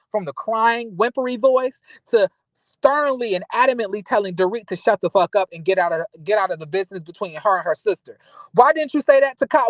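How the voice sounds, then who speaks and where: A man's voice: high voice, dry recording. Blunt, profane man recapping reality TV. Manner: animated, blunt, profane, slangy. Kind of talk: casual reality TV recap and rant.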